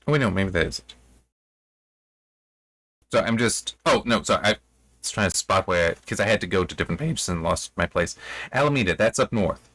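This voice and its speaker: A man with a low voice reads from a novel and breaks off into loose, rambling commentary, correcting himself as he goes. The sound is dry and close, with no room around it. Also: a little fast, long pauses, fairly bright tone, no room sound. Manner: rambling, self-correcting asides. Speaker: book reviewer. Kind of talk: reading aloud and commenting on a novel.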